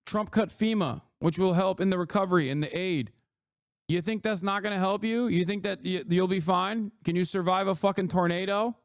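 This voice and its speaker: A man's voice: dry recording, studio quality. A man streaming live and reacting to the news in an angry, profane, lecturing rant. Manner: angry, profane and lecturing, voice rising high when heated.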